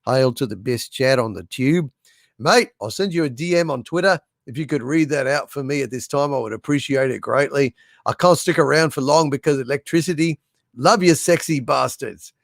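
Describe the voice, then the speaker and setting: A man reading out a message in a put-on Australian accent, quick and a little lower than his usual voice. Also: creaky, no echo, clean studio sound, lightly acted. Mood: reading aloud. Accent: mock Australian.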